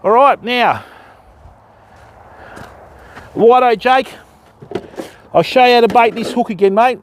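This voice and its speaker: Aussie bloke streaming his fishing, fairly high voice, chatty and talks you through each step. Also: normal speed, noisy background. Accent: Australian. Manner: chatty, explains rigs to viewers step by step. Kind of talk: casual live-stream chat while fishing. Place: outdoors on a river bank at dusk.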